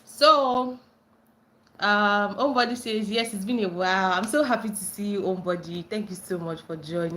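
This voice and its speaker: A young Nigerian woman hosting a casual livestream, reading chat comments aloud and breaking into excited squeals when friends join. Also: normal speed, slight background noise. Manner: bubbly, bursts into high squeals greeting friends.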